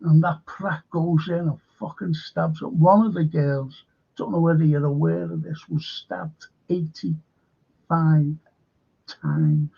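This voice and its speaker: Male host, gravelly and fairly high-pitched, rambling angry monologue. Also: expressive, slow pace, highs cut off. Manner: indignant, rambling, heavy swearing.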